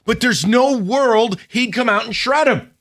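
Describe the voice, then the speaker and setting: A man hosting a sports radio show in a studio, bantering excitably with his co-hosts. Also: very high voice, dry recording. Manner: excitable, quick banter, whoops when right. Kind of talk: casual sports talk.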